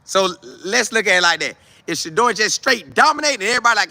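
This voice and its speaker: Animated high-voiced man talking football. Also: fast talker, few pauses, no echo. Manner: animated, slangy, acts out players' chatter. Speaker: sports show host. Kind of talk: casual sports talk.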